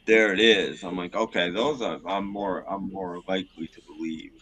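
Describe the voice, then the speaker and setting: Husky skeptical man in casual chat. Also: sits low, fairly even intonation, normal speed, fairly bright tone. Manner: skeptical, hedging, trailing off and restarting. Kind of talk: casual late-night chat.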